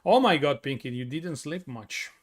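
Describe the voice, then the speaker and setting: A man's voice: fairly high pitch, animated, moderate pace. A tired man with an Italian accent, streaming and answering viewer questions in a chatty way, full of fillers and restarts. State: tired from little sleep. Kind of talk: casual chat reading viewer questions.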